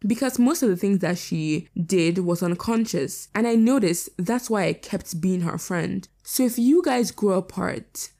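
A woman's voice: mid-range voice, animated, a little slow, hardly any pauses, mellow. A teenage girl giving blunt, sassy advice in a casual vlog, swearing freely. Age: teens. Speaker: vlogger.

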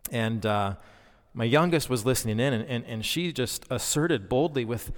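A man's voice: medium pitch, moderate pace. Pastor, male, thirties, earnest conversational sermon, voice ringing in a reverberant hall. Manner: earnest, conversational preaching with fillers.

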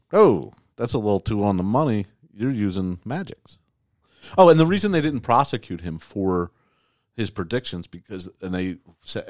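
A man's voice: deep voice, no room sound, studio quality. A man hosting a casual podcast chat, reading old prophecies aloud and breaking them down in a loose, joking way with many fillers and restarts. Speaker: podcast host.

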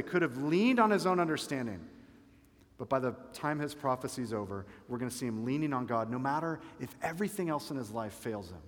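Man preaching in a reverberant hall. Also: medium pitch. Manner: dramatic storytelling preacher, swelling and dropping loudness. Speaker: pastor. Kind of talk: sermon.

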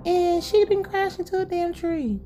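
A woman casually recapping a TV episode, animated and profane, laughing as she tells it. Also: very high voice, moderate pace, over music. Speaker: show recap vlogger.

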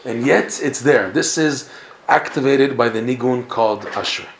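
A man tells a Torah story to a class, his delivery animated and full of Hebrew and Yiddish words. His voice sits in a middling range. The room around him rings with echo. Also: mid-range voice, moderate pace, slight background noise. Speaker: Torah teacher. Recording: echoey room.

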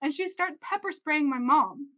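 A high-voiced young woman co-hosts a chatty podcast and spins a long, animated story. She fills it with "like" and breaks into laughter as she goes. Her voice sits well above the usual range. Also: moderate pace. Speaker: podcast co-host. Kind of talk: casual storytelling chat.

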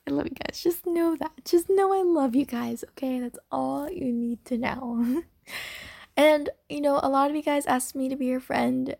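A woman's voice: sits high, vocal fry, darkish tone, no room sound, clean studio sound. A young woman hosting her own unedited podcast, chatting in a scatterbrained, apologetic way. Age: young adult. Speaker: podcast host. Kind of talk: casual unedited podcast chat.

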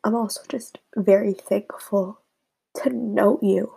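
A young woman giving a rambling, halting, heartfelt message to her friends, half-whispered and close to tears. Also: mid-range voice, steady tone, creaky, mellow, husky, rough recording. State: tearful, close to crying. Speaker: vlogger addressing friends.

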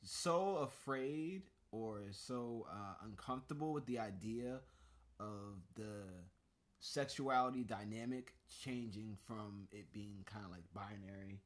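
A man co-hosting a casual chat podcast, relaxed and thinking aloud with many fillers. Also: fairly low pitch, slow pace. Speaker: podcast co-host.

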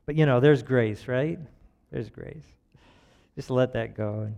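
A man giving a relaxed, conversational sermon, telling everyday stories in a folksy way and chuckling at himself. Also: medium pitch, normal speed, gravelly.

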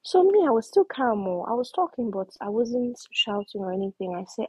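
A young Nigerian woman telling a story in casual chat, acting out her own shouting and slipping into pidgin. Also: on the high side, fairly quick, slightly rough, rough recording. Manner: animated, switches into pidgin, acts out shouting.

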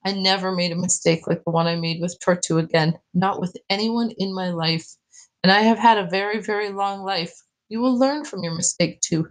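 A woman reading as a gentle old grandmother. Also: mid-range voice, normal speed, natural voice, poor audio. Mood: tender. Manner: soft, tender storytelling. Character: elderly grandmother, gentle and kindly. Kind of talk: reading aloud from a novel.

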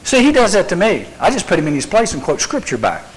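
A youth speaker delivers a sermon in a high, wildly swooping voice at a fast clip, acting out scenes live and firing off rhetorical questions. His storytelling is dramatic, and the recording quality is low.

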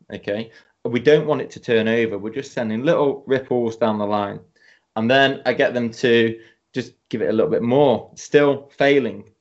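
Calm man explaining casting technique. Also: medium pitch, highs cut off. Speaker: casting instructor.

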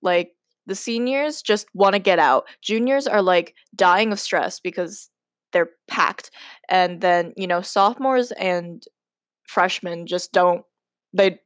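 A woman's voice: on the low side, slow pace, dry recording, studio quality. Giggly woman reading her old story. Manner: giggly, self-mocking asides. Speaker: podcast host.

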